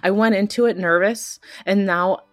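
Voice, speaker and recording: A woman's voice: mid-range voice, steady tone, normal speed, dry recording, clean studio sound, soft background music. A woman hosting a podcast, telling a personal story in a candid, emotional way, with lots of "like" and "you know". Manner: rambling, heavy use of filler words like "like" and "you know". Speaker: podcast host.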